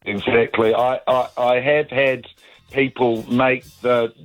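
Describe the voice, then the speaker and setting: A man's voice: mid-range voice, level tone, slow, soft background music, rough recording. A middle-aged man with a New Zealand accent, calling into a radio show to tell a story, easygoing with lots of fillers and restarts. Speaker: caller. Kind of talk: casual anecdote on talk radio.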